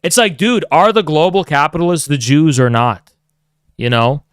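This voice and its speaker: A man's voice: on the high side, lively intonation, normal speed, smooth, no echo, clean studio sound. A man streaming heated commentary, sarcastic and profane, mocking the people he talks about.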